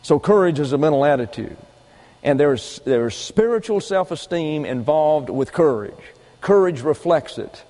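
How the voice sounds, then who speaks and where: A man with a fairly high voice preaches a doctrinal sermon in an emphatic, repetitive teaching style. He drives points home with folksy trail talk. The sound rings with a long reverb from a large church hall. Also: animated, unhurried, warm tone. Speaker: pastor.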